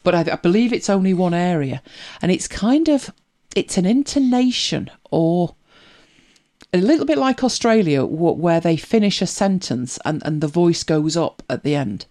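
A tech help show host answers viewer questions in loose, casual conversation, laughing readily and chatting freely. The voice is medium in pitch with lively intonation, a moderate pace, and a darkish tone. Words often get repeated at the start of a thought.

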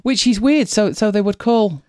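A woman's voice: mid-range voice, moderate pace, dark tone, no room sound, clean studio sound. A middle-aged woman chatting casually as a podcast co-host, laughing often and telling stories with animation. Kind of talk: casual chat.

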